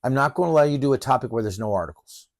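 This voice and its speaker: A middle-aged male professor lectures in a blunt, emphatic, fired-up way, like a coach pushing his students. His pitch sits in an ordinary middle range. The sound is dry and close, with no room echo. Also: lively intonation, very fast. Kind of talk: course introduction lecture.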